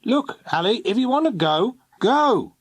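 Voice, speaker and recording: A man's voice: extremely high pitch, sing-song, measured pace, dry recording, voice pushed up, full character voice. A man reading aloud, voicing an impatient middle-aged stepfather in an exasperated way.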